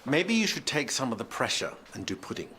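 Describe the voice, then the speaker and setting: A man's voice: mid-range voice, sing-song, fairly quick, background noise, natural voice. An actor playing a fussy, pompous male GP with a grandiloquent, lecturing manner. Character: pompous male GP, fussy gourmet, fond of wine. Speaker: doctor. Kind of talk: TV drama acting.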